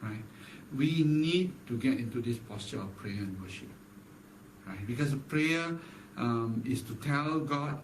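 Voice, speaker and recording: A man preaching a morning devotional as pastor, animated and emphatic, often tagging lines with "right?". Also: mid-range voice, normal speed, a little hiss or hum. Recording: echoey room, mic far off.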